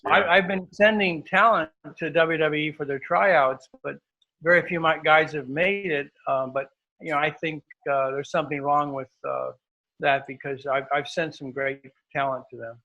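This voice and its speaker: A man guest in a casual interview who speaks haltingly, pausing often on fillers and restarting his sentences. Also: fairly high pitch, fairly even intonation, highs cut off, soft background music. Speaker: podcast guest.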